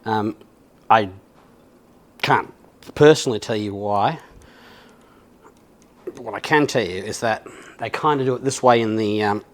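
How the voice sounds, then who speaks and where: A man's voice: lowish voice, unhurried, pauses often. A man with an Australian accent chatting casually and rambling as he restrings a guitar, self-mocking and swearing now and then. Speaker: vlogger.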